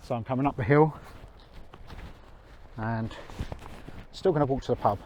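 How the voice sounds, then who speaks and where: A man's voice: mid-range voice, moderate pace, a little mellow, slight background noise, low-quality recording. A man with a chatty, self-mocking manner, talking to a handheld camera while out on a country walk. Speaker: vlogger. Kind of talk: walking vlog to camera.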